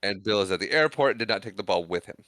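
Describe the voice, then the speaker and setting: Racing along in a voice on the low side, a man co-hosting a podcast walks through a movie scene by scene in a casual, animated way, performing the characters' lines. The audio is studio quality with no echo.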